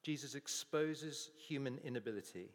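A man's voice: mid-range voice, normal speed. A man preaching a sermon, telling stories and acting out the people's voices in quotes. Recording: long reverb of a large hall.

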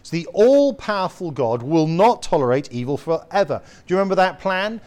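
A man preaching a sermon in an earnest, emphatic way, asking his listeners rhetorical questions and slowing down to read scripture. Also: on the high side, very animated, a little mellow. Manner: slows down to read scripture quotes.

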